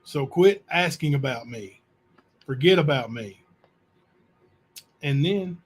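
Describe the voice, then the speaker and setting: A man with a somewhat high voice reads letters aloud for his viewers. He keeps a plain, unhurried pace, breaking off now and then for his own comments. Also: lively intonation, breathy edge. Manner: plain, unhurried reading with asides and spelling out words. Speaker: channel host.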